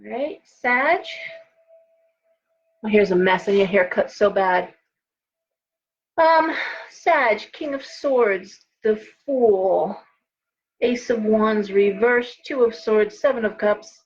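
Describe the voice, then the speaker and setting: A woman's voice: mid-range voice, takes it slowly, long pauses, dull audio. A tired middle-aged woman hosting a live tarot reading, talking in a chatty, rambling way with many restarts and asides. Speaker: host and tarot reader.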